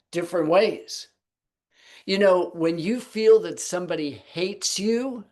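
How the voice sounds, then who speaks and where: A man teaching the Bible on a Sabbath video call, posing rhetorical questions to his listeners. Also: fairly high pitch.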